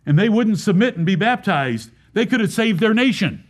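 A man's voice: high-pitched, lively intonation, normal speed. A man preaching a sermon as pastor, emphatic, repeating lines and asking rhetorical questions.

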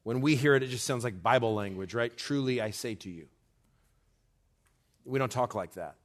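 A man preaching a sermon as pastor, slow and deliberate, building to loud urgency in a church. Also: mid-range voice.

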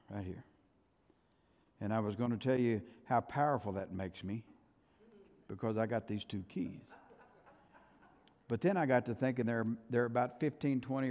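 A man preaching a sermon as pastor, telling the story dramatically with loud, high bursts and quiet, plain-spoken asides. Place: church sanctuary. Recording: long hall reverb.

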